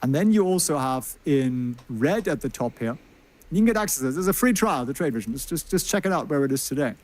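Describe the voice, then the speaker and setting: A man's voice: medium pitch, animated, fast, darkish tone. A man giving chatty, joking stock market commentary and asking his viewers questions. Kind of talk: livestreamed stock chart commentary.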